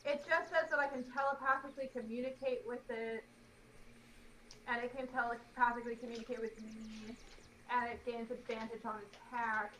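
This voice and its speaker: A chatty woman talks through her turn in a tabletop game, her voice sitting fairly high and peppered with "like" and small giggles. A steady hiss of background noise runs under her noisy home recording. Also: normal speed. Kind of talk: casual tabletop game chat.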